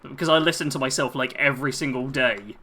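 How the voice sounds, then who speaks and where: A man's voice: mid-range voice, quick pace, sharp tone. A young British man chatting casually on a live stream while playing a game, reading viewer comments aloud and poking fun at himself.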